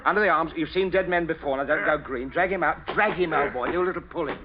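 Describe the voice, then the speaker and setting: An actor playing a suave, chuckling father who calmly threatens a guest at gunpoint, in 1940s radio acting style. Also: a little high, fast talker, natural voice. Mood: menacing. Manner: cheerful, chuckling, suave menace. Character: genial menacing man, calm murderer. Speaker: father of the household. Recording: dull old radio recording, faint hiss.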